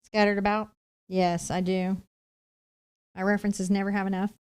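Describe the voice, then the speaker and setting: A woman's voice: medium pitch, flat delivery, moderate pace, clear, resonant tone. Chatty woman teaching a painting lesson. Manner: chatty, step-by-step explaining. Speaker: acrylic painting instructor. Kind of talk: live painting tutorial.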